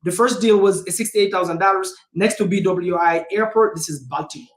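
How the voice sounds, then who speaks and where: A man hosting a livestream as a real estate investor, speaking in a casual, energetic, emphatic way and repeating phrases for punch. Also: sits high, fairly quick, echoey room. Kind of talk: casual motivational talk.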